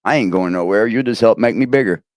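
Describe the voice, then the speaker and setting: A man ranting profanely as host of a livestream, swinging from low growls to sharp highs. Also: fast talker, no echo, clean studio sound. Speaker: streamer host. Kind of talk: heated livestream rant.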